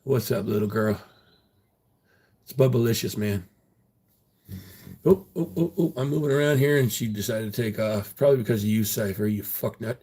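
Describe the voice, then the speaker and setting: A man's voice: on the low side, moderate pace, long pauses, mellow, slightly rough. A man on a casual livestream who rambles through his stories with lots of ums and restarts. He taunts his chat with crude language and laughs as he talks. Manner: taunting, profane, laughing at viewers; rambling with many fillers and restarts.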